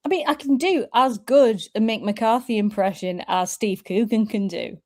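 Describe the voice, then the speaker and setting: A woman chatting on a podcast, wry and quick to laugh. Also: fairly high pitch, lively intonation, darkish tone. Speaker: podcast panelist. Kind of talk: casual chat.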